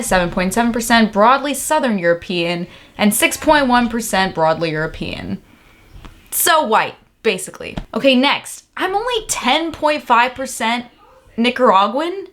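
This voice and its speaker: Young female vlogger, candid and excitable, swears casually, slightly high voice. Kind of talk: casual vlog.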